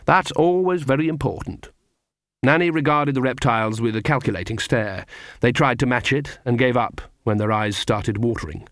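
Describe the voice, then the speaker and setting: Dry, measured male audiobook narrator. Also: medium pitch, fairly bright tone, no room sound.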